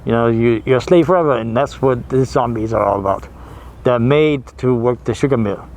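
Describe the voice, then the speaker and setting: A man's voice: mid-range voice, a little fast, darkish tone. Horror movie host guy rambling casually, easy laughs, medium voice. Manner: rambling, laughs easily, trails off and restarts. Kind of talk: casual chat.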